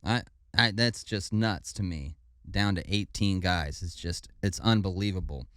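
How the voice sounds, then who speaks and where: Low-voiced laid-back man telling history. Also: unhurried, fairly bright tone, clear, resonant tone, no room sound, clean studio sound. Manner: laid-back, stumbles over foreign names, says "dude". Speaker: podcast co-host. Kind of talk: casual history storytelling.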